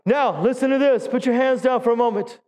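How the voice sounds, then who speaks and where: A middle-aged man leads a Pentecostal sermon in a church, pitching his voice high as he urges the congregation to answer him. He breaks up the exhortation with jokes at his own expense. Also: a little fast, darkish tone. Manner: exhorting, calls for audience response; self-deprecating humor. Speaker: pastor. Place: church sanctuary.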